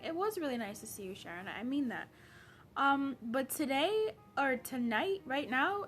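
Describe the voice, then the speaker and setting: A woman's voice: high voice, a bit bright, a little hiss or hum. A woman from Zambia, a personal development coach, chatting on a late-night live stream, greeting viewers by name.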